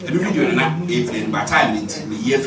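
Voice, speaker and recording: A man with a Ghanaian accent preaching a sermon in an animated way, mixing two languages and calling for amens from the congregation. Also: mid-range voice, fairly quick, background noise. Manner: animated, switching between Twi and English, calling for amens. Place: church hall with congregation. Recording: echoey church hall from far off.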